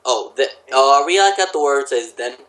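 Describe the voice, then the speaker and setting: Brief: man, playful encourager, lively pitch, echoey room. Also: brisk. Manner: cheering, joking. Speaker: friend on the call. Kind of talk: casual chat on a group call.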